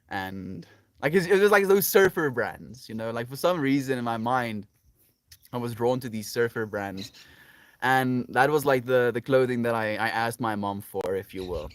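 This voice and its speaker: A South African man livestreaming from his farm garden, reading out viewer comments in relaxed, rambling casual chat. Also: mid-range voice, dry recording, clean studio sound. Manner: relaxed, chatty, many fillers like "like" and "you know". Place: home on a farm, outdoors in a garden.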